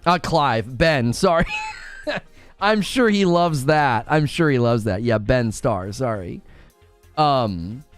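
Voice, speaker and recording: A man's voice: mid-range voice, lively intonation, slow pace, clear, resonant tone, dry recording, faint music behind. Rambling American man chatting casually. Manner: rambling, heavy on fillers. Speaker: co-stream host. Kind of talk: casual chat.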